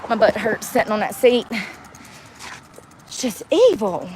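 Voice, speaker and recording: A woman's voice: medium pitch, big pitch swings, a little slow, a little mellow, poor audio. A woman vlogging about being homeless, ranting bluntly with a mouthy, profane way of talking, outdoors and in a car. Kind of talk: ranting vlog. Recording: outdoor street and traffic noise.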